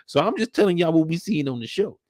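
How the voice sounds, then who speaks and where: Young man, casual slangy TV recap host, high-pitched, dry close mic. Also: quick pace, no room sound. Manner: animated, slangy, acts out scenes.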